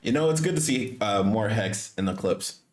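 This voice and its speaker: A man hosting a reaction channel and making chatty, relaxed asides over clips. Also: lowish voice, normal speed, a little hiss or hum. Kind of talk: casual reaction commentary.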